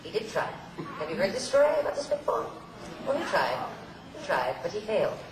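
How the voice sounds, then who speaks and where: A woman spinning playful, theatrical stories from a convention stage, her voice rising and falling with lively swings. She sounds far from the mic in an echoey hall, with loud ambience behind. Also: on the low side, a little fast, heavy background noise. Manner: theatrical, playful, laughing often. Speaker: convention guest speaker. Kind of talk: on-stage anecdote telling.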